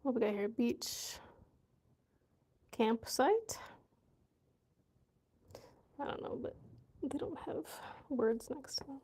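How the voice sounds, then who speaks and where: A woman's voice: fairly high pitch, lively intonation, takes it slowly, pauses often, dark tone, slightly rough. A woman vlogging as she learns a language, giggling often and sounding out new words while muttering to herself. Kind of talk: casual learning vlog.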